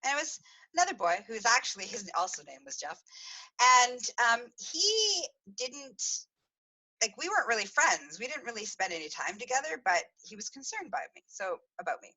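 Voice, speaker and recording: This woman hosts a podcast and tells a confessional story in a loose, rambling way, laughing between thoughts. Her voice is bright, with a lively, swinging pitch. She talks casually, with plenty of fillers and restarts. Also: moderate pace, poor audio. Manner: chatty, giggly storytelling with frequent laughs. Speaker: podcast host.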